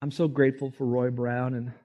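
A man's voice: medium pitch, level tone, brisk, mellow. A man preaching a sermon in an earnest, conversational way, rising emphatically to make his points.

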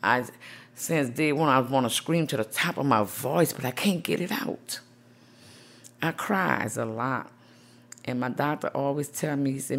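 A middle-aged woman, a grieving mother interviewed for a news report, speaking softly and emotionally with many "you know"s. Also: extremely low pitch, measured pace. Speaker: grieving mother, support group founder.

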